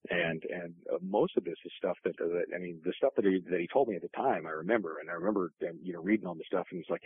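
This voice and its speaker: A man with a very low, gravelly voice tells long family stories, circling back with restarts and fillers. His voice comes through a tinny phone line, dry and close. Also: big pitch swings, fast, few pauses, dry recording. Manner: rambling, many restarts and fillers. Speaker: guest author. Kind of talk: casual storytelling interview.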